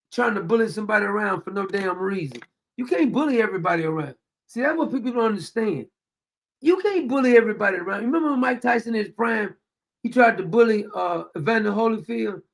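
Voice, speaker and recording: A man's voice: sits high, gravelly, fairly bright tone. A man hosting a casual commentary show, talking emphatically, repeating his points and retelling scenes with quoted lines. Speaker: host.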